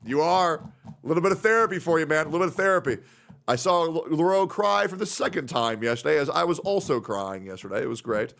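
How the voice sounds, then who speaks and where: A man's voice: animated, fast talker, vocal fry, fairly bright tone. Man, 30s, streamer; casual, rambling, emotional. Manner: rambling, emotional, puts on high voices when quoting friends.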